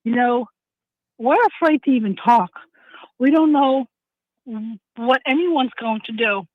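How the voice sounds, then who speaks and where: A woman's voice: on the high side, unhurried, no echo, phone-quality sound. A woman in her sixties calling in to a talk show, emotional and tearful as she speaks. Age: 60s. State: crying. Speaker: caller. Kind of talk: call-in radio chat.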